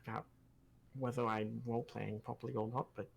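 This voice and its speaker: A man's voice: mid-range voice, little pitch movement, brisk, creaky, breathy edge. A man new to tabletop role-play, talking hesitantly in a casual chat. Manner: hesitant, nervous. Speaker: tabletop player.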